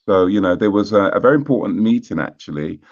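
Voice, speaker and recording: Relaxed British man, dull lo-fi audio. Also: on the low side. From Britain. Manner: relaxed and unhurried, with frequent fillers and asides. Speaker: guest. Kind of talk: casual conversational storytelling.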